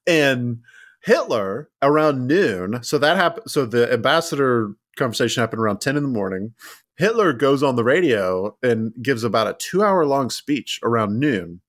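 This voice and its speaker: A man's voice: medium pitch, lively intonation, normal speed, dry recording, studio quality. A man co-hosting a casual history podcast, rambling with many fillers and restarts. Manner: rambling, lots of "like" and restarts, laughs at ironies. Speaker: podcast co-host.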